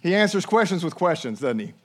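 A man's voice: high voice, sing-song, brisk, a bit bright. A man preaching a sermon. He puts on voices for the people he quotes and keeps asking the listeners questions. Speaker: pastor.

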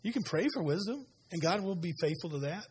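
A man preaching a sermon as pastor, retelling scripture with lively conversational asides to a church audience. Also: high voice, brisk, husky. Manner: animated storytelling, conversational asides. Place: church sanctuary.

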